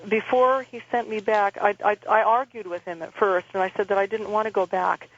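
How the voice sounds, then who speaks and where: A woman calling in as a radio show guest, giving an earnest, halting personal testimony with frequent restarts. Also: mid-range voice, fairly even intonation. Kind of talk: personal testimony over the phone. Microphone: telephone. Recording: muffled phone line.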